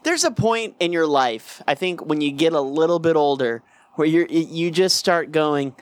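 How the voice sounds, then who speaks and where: A man's voice: a little high, animated, normal speed. A man co-hosting a podcast in casual, profane, joking chat, acting out quoted lines. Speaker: podcast co-host.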